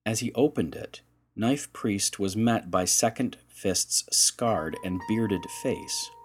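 A man narrating an audiobook chapter in slow, dramatic storytelling. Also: fairly low pitch, soft background music. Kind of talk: scripted narration.

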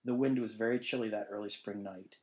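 A man reading a ghost story in measured, suspenseful narration. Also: on the low side, fairly even intonation, darkish tone, poor audio. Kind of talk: scripted narration.

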